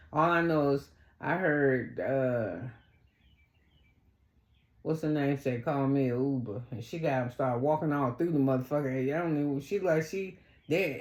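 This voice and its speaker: A woman with a fairly low voice recaps a reality show in blunt, profane casual talk. She jumps her voice up high whenever she acts out what the cast said. The recording has a roomy echo. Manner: acts out quotes in a much higher voice.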